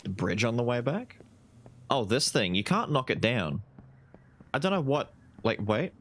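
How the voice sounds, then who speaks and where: A man's voice: mid-range voice, a little slow. A man streaming a video game live, casually commentating, swearing and yelping as fights break out. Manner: excitable, swears, yelps during fights.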